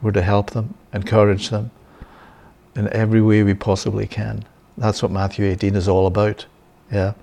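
A man's voice: on the low side, little pitch movement, moderate pace, vocal fry, dark tone. Man teaching scripture, frequent "yeah?". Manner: checks in with frequent "yeah?" and "right?", chuckling. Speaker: Bible teacher. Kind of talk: sermon-style Bible teaching.

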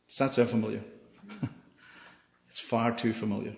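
A man's voice: medium pitch, fairly even intonation, normal speed, vocal fry, pauses often, fairly bright tone. A man preaching a sermon with emphasis, often checking in with his listeners by asking "Yeah?". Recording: echoey hall, dull sound.

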